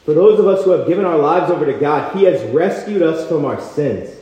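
A young man preaching a passionate sermon at a campus retreat, telling a personal story with lively quoted voices. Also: fairly high pitch, a little fast. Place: large hall at a retreat. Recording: echoey hall, dull sound.

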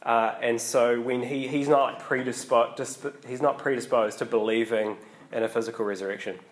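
A man's voice: mid-range voice, steady tone, normal speed. Man preaching casually with many ums. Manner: conversational, frequent ums and restarts. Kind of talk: casual sermon.

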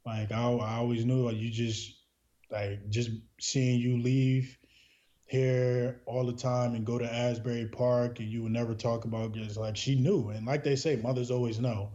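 A man from New Jersey speaks a little slowly in a medium-pitched, darkish voice with a level tone, captured in a dull lo-fi recording. As a podcast guest, he tells a personal story in a casual, earnest way, full of filler words.

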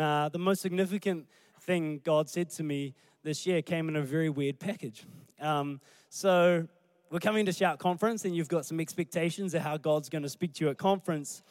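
A man, a pastor preaching a sermon through animated storytelling. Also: a little high, no room sound. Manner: animated storytelling, acting out scenes.

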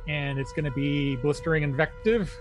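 A man's voice: on the high side, steady tone, moderate pace, music in the background. A man playing a tabletop game, describing his character's spells and attacks in a playful, joking way. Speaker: player. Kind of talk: casual tabletop play.

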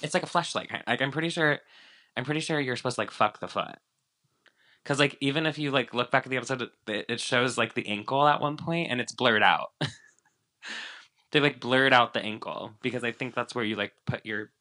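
A man's voice: medium pitch, a little fast, sharp tone. A man co-hosting a casual reality TV recap, talking animatedly with lots of fillers and swearing. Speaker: podcast co-host.

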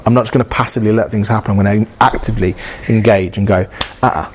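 A man's voice: on the low side, steady tone, racing, darkish tone, slight background noise. A man preaching a sermon in an earnest, conversational way, often acting out inner dialogue and repeating phrases.

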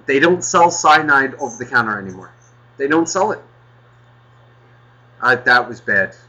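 A man's voice: medium pitch, animated, moderate pace, sharp tone, low-quality recording. A man hosting a casual podcast, rambling and swearing, flaring into mock anger. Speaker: podcast host.

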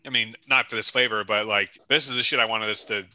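Bright, profane man in casual chat. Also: fairly low pitch, steady tone, fast talker, no room sound, poor audio. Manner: profane, exclaiming, joking. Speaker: podcast co-host tasting snacks.

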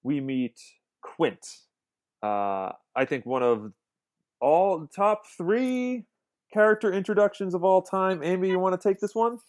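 A man's voice: high voice, expressive, a little slow, darkish tone. Enthusiastic man talking about movies. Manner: enthusiastic, rambling with restarts. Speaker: podcast co-host. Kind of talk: casual film discussion.

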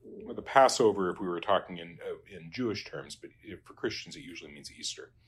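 Man, Latin teacher, low husky voice, unhurried, halting delivery. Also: expressive. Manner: halting, many fillers and restarts, trails off quietly. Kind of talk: working through Latin exercises.

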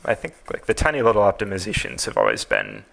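Low, gravelly man, animated podcast guest. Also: quick pace. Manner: thoughtful, hedging, lots of "like" and "um". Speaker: podcast guest, TAS creator. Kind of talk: casual podcast interview.

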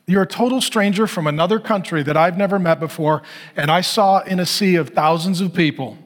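A man's voice: sits high, brisk. A middle-aged man preaching as a pastor, telling stories in an earnest, conversational way and acting out the dialogue. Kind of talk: sermon storytelling.

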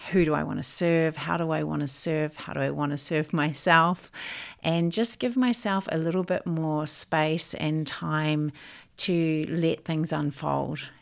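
A woman's voice: deep voice, fairly even intonation, measured pace, vocal fry. A middle-aged woman from Australia, a coach hosting her own podcast, talking in a thoughtful, earnest way. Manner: thoughtful, earnest, with occasional laughs. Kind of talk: reflective solo podcast talk.

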